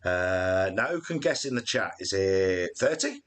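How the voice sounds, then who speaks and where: A man's voice: sits low, sing-song, a little slow, fairly bright tone. A man in his late forties, co-hosting a live Q&A stream with a joking, rambling manner full of fillers. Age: 40s. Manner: jokey and rambling, with many fillers. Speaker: channel co-host.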